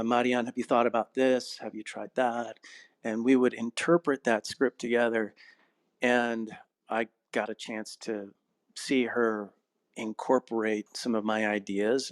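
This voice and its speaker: Reflective male acting coach, mid-pitched. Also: no room sound. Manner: reflective, storytelling, slows down on key phrases; laughs while telling stories. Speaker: actor, narrator and acting coach. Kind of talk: casual interview conversation.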